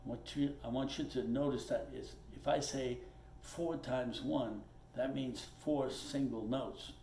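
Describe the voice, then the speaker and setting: A man's voice: mid-range voice, fairly even intonation, measured pace, mellow. A man teaching drums at his kit, plainspoken and patient, who repeats his points and checks in with "okay" as he explains step by step. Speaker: drum teacher. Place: room with a drum kit. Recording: roomy echo, faint noise.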